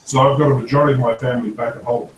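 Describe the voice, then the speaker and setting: A man chatting casually on a live stream, pausing often with fillers. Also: medium pitch, fairly even intonation. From Australia. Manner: hesitant, many fillers. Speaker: panel guest. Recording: roomy and distant with faint noise.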